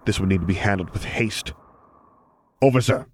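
A man reading fan fiction aloud as an audiobook, narrating in a steady, measured way. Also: low-pitched, a little hiss or hum. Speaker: reader.

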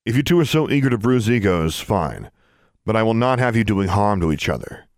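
A man's voice: fairly low pitch, expressive, normal speed, a little mellow, no room sound, clean studio sound. A man voicing a strict woman teacher in an audiobook, speaking in a curt, commanding way. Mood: stern.

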